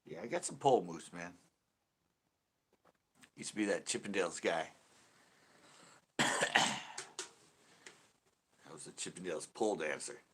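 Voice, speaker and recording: Joking, forceful-voiced fishing host. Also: male voice, low-pitched, big pitch swings, a little slow, pauses often, slightly rough. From California. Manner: joking, rambling, laughs a lot. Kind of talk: casual live-stream chat.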